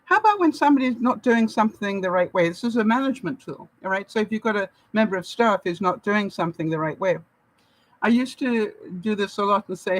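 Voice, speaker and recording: A woman's voice: mid-range voice, lively intonation, a little fast, dry recording, rough recording. Canadian woman vlogging advice, laughs a lot, acts out quotes, dry close sound. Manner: chatty, laughs often, acts out quoted lines. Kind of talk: casual advice talk to camera.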